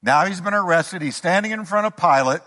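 A man's voice: high-pitched, expressive, a little fast, sharp tone. A male pastor preaching a sermon, emphatic, with rising repeated questions. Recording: long hall reverb.

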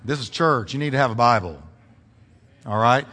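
Man pastor, energetic sermon delivery, high bright voice, long church reverb. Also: normal speed. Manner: emphatic preaching with repetition and humor. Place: church sanctuary.

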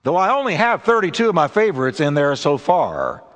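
A man's voice: fairly high pitch, big pitch swings, fairly quick, fairly bright tone. Man doing a proud inventor guy, casual and showy, echoey hall. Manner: casual, showing off. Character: proud male inventor, modest but boastful.

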